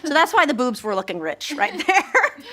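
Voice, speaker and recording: A woman's voice: sits high, sing-song, normal speed, pushed and bright. A woman guest telling candid stories in casual chat, laughing as she goes.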